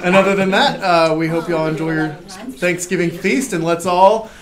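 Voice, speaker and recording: A man's voice: sits high, fairly even intonation, moderate pace. A man judging a school contest, announcing the winner with mock solemnity. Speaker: contest judge. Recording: loud crowd and noise on a live stream.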